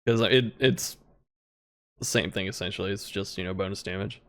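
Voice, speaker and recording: A man as a guest in a casual video game discussion, relaxed and laughing easily as he talks. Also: low voice, normal speed. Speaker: guest content creator.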